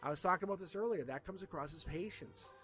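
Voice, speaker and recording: A man giving a casual live tarot reading, animated and repeating himself with frequent restarts. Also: high-pitched, fast talker, faint music behind. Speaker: tarot reader.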